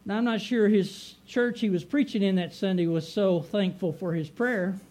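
High-voiced man preaching emphatically. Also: moderate pace, darkish tone. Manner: emphatic repetitive preaching, swelling on key phrases. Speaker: pastor. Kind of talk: sermon.

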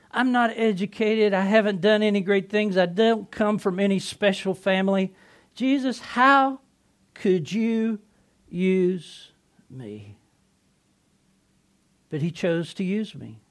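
A man playing the apostle Peter, an impulsive fisherman, telling his story in an earnest, excitable first-person dramatic monologue. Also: high-pitched, exaggerated voice.

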